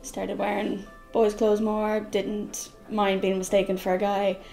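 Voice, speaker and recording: A woman's voice: mid-range voice, level tone, a little slow, creaky, mellow, faint music behind. A young woman with an Irish accent, speaking casually in an interview and laughing easily. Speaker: documentary interviewee. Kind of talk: personal interview testimony.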